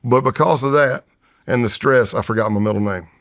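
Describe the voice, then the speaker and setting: A man's voice: mid-range voice, fairly quick, a bit bright. A man in his fifties, a retired undercover agent, telling a tense story in an interview and acting out his own past voice and whispers. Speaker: retired FBI undercover agent, podcast guest. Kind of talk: storytelling in a long-form interview.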